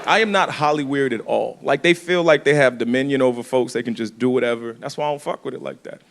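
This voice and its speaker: A man performing a loud, animated stand-up set in a comedy club, telling stories full of voices and shouts. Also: mid-range voice, quick pace, gravelly. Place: comedy club with live audience. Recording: live club recording with crowd laughter and noise.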